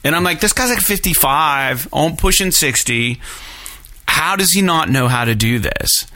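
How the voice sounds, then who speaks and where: Animated, swearing man telling a story. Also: on the high side, measured pace. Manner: profane, animated, acts out quoted people. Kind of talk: casual storytelling chat.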